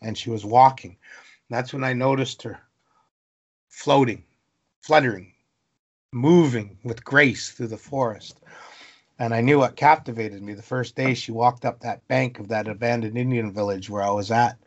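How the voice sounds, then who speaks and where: A man from Canada, a guest on a podcast, telling stories about the wilderness in an animated way, piling up long lists of things. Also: mid-range voice, moderate pace, lo-fi sound. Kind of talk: storytelling interview.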